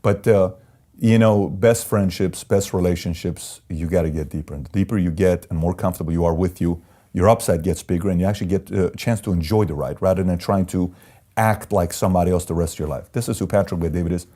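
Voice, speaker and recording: A man who is an entrepreneur, being interviewed and telling candid stories in an animated, emphatic way that repeats key phrases. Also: low voice, quick pace. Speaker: entrepreneur guest.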